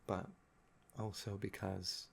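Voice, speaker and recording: Young man with heavy gravelly fry, ASMR chat. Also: on the low side, level tone, slow pace, slight background noise. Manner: meandering and musing, often trailing off with "um". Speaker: ASMR channel host. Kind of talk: soft-spoken ASMR chat.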